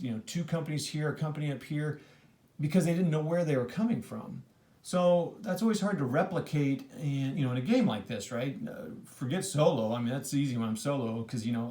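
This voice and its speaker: In an echoey room, a man of medium pitch and warm tone casually reviews a board wargame he played. He thinks aloud as he goes, rambling, starting sentences over and leaning on fillers.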